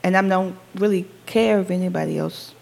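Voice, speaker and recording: A woman's voice: lowish voice, a little fast, gravelly. Candid, profane woman co-host. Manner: candid, profane, animated storytelling. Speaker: podcast co-host. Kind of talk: casual chat.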